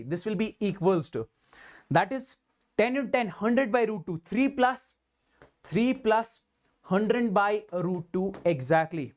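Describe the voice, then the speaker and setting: A man's voice: high-pitched, a little mellow. A man teaching physics in a live online exam-prep class. He asks rhetorical questions, voices the students' answers back to himself and keeps repeating emphatic affirmations.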